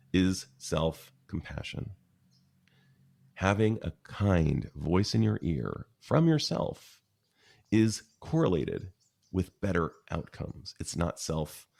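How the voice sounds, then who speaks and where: A man speaking as a podcast guest, earnest and warm in tone, sometimes stopping to search for the right word. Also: low-pitched, gravelly. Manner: earnest, searching for words mid-sentence. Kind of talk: conversational interview.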